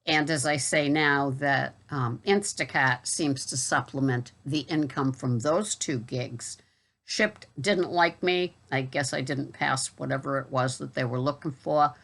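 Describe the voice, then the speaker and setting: Boston lady vlogging about gig work, low voice, wry and chatty. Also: unhurried, creaky, fairly bright tone. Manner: chatty, wry, exasperated asides. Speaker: vlogger and gig delivery worker. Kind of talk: casual talk to camera.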